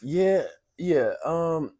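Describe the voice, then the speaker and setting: A man's voice: fairly high pitch, lively intonation, extremely slow, dark tone. A man co-hosting a casual comedy podcast, sarcastically reading and mocking dating profiles. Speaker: podcast co-host.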